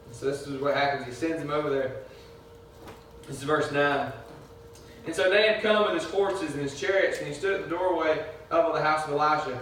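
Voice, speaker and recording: High-voiced preacher in an echoey church. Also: male voice, fairly quick, fairly bright tone, a little hiss or hum. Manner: conversational preaching, acting out biblical characters' speech. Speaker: pastor. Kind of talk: sermon. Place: church sanctuary. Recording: echoey sanctuary, mic from a distance.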